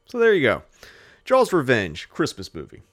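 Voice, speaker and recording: A man hosting a movie podcast in casual chat, animated and profane, joking and acting out characters. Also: mid-range voice, normal speed. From Los Angeles area. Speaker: podcast host.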